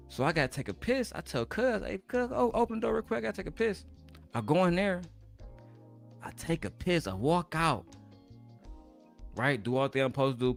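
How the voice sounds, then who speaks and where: A man telling a rough personal story in a casual, profane rant, animated and full of streetwise slang. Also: mid-range voice.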